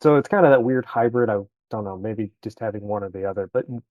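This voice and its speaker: A man's voice: fairly low pitch, fast, no echo, narrow, tinny audio. A man, chatting casually as a podcast guest about his travels, rambling and correcting himself as he goes.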